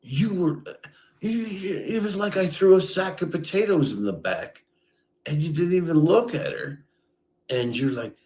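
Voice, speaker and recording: A man's voice: fairly high pitch, animated, a little slow, a little mellow. A man in an angry, bitter rant, accusing and swearing at someone he knows. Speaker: streamer.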